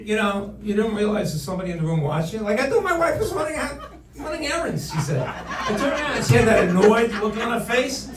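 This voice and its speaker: A male comedian rants with mock outrage in a high, lively voice that swoops up and down. The sound is roomy and picked up from a distance. A crowd laughs throughout. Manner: animated, ranting, mock-outraged storytelling. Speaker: stand-up comedian. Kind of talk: stand-up comedy set. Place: comedy club stage.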